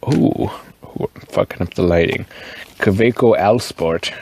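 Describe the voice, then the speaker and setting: A tipsy man rambling casually in a show-and-tell vlog, swearing and wandering up and down in pitch. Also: a little slow, darkish tone. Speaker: fountain pen vlogger.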